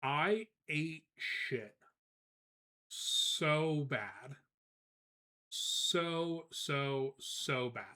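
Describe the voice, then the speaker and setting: A man streaming live, chatting casually and telling a rambling, animated story with frequent laughs, greeting viewers as he goes. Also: a little high, extremely slow, pauses often. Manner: greets chat viewers between anecdotes.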